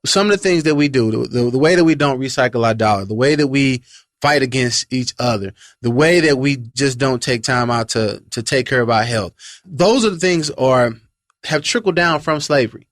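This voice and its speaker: A man's voice: medium pitch, moderate pace, no echo, clean studio sound. A man in a casual group discussion, speaking emphatically and repeating phrases for stress. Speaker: discussion panelist.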